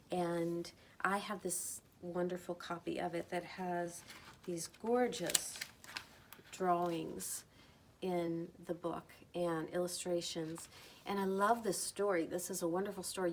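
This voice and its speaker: A middle-aged woman talking casually about books she loves, gentle and enthusiastic, lingering over her words. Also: lowish voice, slight background noise. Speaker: book vlogger. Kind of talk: casual recommendation talk.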